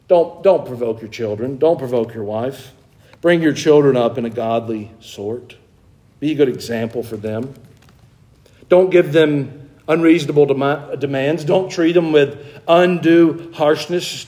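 A man's voice: a little high, measured pace, darkish tone. A middle-aged man preaching a sermon as pastor, talking conversationally, with self-deprecating humor and emphatic exhortations.

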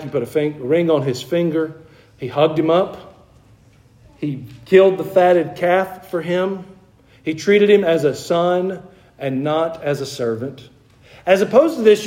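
A man's voice: a little high, a little mellow. A man preaching a sermon in a folksy storytelling way, full of personal anecdotes, often repeating phrases and restarting. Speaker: pastor.

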